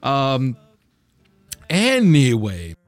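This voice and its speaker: Male podcast co-host, animated pitch, ribbing and cursing, faint music underneath. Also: no room sound. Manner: teasing, swearing, quick to laugh. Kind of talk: casual gaming chat.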